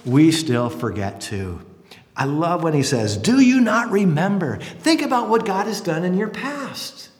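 A man's voice: sits high, a little slow. A man in his fifties preaching a sermon, telling stories and acting out the voices of the people in them. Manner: animated storytelling, acting out voices. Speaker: pastor. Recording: echoey hall.

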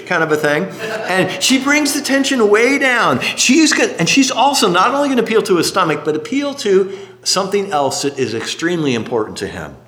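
A middle-aged man preaching a sermon, telling a story in an animated way and acting out what people said. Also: high voice, brisk. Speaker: pastor.

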